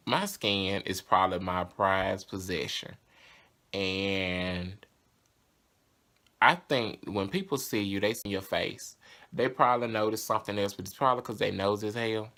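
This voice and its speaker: A man's voice: on the low side, unhurried, long pauses, sharp tone. A young man with a Southern US accent, talking casually and candidly to camera in a vlog. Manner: chatty, candid and sassy. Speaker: vlogger.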